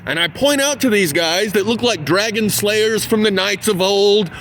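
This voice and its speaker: A man's voice: high voice, moderate pace, fairly bright tone. A man, walking around a stone building outdoors and talking casually to his own camera as he points things out. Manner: chatty, pointing things out, counting aloud. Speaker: vlogger. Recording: outdoor handheld camera, faint street noise.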